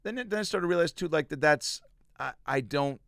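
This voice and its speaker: A man's voice: fairly high pitch, brisk, creaky, no room sound, studio quality. A man in his thirties hosting a podcast in casual chat, telling stories and acting out voices. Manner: animated storyteller, acts out voices. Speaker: podcast host.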